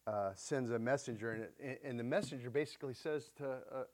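A man's voice: medium pitch, a little fast, a little mellow. A man preaching a conversational sermon, retelling scripture stories in an everyday way and putting questions to his listeners. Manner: chatty, asks the congregation questions, retells scripture.

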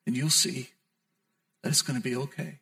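A man preacher voicing a gentle, forgiving man who speaks quietly and consolingly. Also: medium pitch, fairly even intonation, normal speed, gravelly, breathy edge, far from the mic, pitched below the performer's own voice, heavily acted. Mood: tender.

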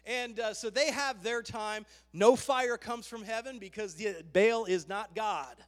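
A man preaching a sermon, fervent and emphatic, with loud rising bursts as he tells the story. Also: high voice, a little slow. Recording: long hall reverb.

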